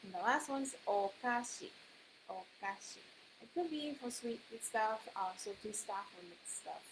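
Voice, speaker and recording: A woman teaching a language class, patient and explaining slowly with many fillers. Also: on the high side, animated. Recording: hissy background noise.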